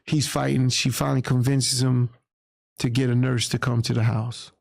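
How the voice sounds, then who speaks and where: A man's voice: medium pitch, level tone, normal speed, creaky, darkish tone, no room sound, studio quality. A man from New York, a guest in an interview, telling a story in a candid, plain-spoken way and acting out what others said. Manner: candid, plain-spoken, acts out quoted voices. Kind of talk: casual storytelling.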